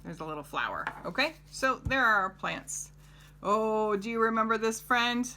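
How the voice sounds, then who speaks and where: A middle-aged woman teaching a children's lesson, gently coaxing and asking the child questions. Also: a little high, animated, moderate pace, slight background noise.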